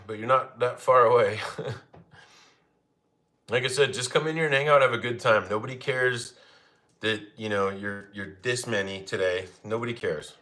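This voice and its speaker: A man's voice: mid-range voice, bright, forceful tone. Young male streamer, casual and jokey, talks to chat while cooking at home. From Arizona, United States. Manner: joking, chatty, laughs often. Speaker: livestream cooking host. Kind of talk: casual live chat reading comments. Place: home kitchen.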